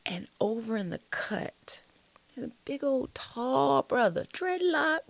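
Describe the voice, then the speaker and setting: Black woman poet talking on a chat show, uplifting and sing-song, pitch all over, bit of fry. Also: takes it slowly. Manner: animated, uplifting, preacher-like cadence. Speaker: guest, spoken word poet. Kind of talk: casual interview talk.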